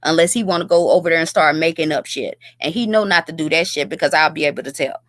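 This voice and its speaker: A woman's voice: low voice, quick pace, a bit bright, dry recording. A woman hosting a commentary video, ranting bluntly and scornfully with heavy profanity. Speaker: YouTube commentary host.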